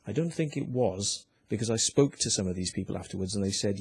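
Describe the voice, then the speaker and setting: Husky British man ranting angrily. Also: on the low side, sing-song, fairly quick, few pauses, darkish tone. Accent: British English. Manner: profane, heated, mocking. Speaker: complainant reading a complaint ruling. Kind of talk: angry vlog rant.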